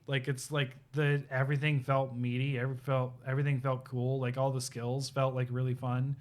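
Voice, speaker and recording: A man co-hosting a live stream, telling a game story in casual chat with lots of fillers and acted-out quotes. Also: a little high. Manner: animated storyteller, acts out quotes, many fillers. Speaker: podcast co-host. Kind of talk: casual chat about video games.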